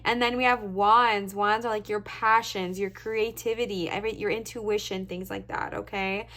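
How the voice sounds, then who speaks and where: A woman's voice: mid-range voice, steady tone, moderate pace, a bit bright. A young woman giving a casual pick-a-card tarot reading to camera, chatty and reassuring, often checking in with "okay, bestie?". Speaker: tarot reader.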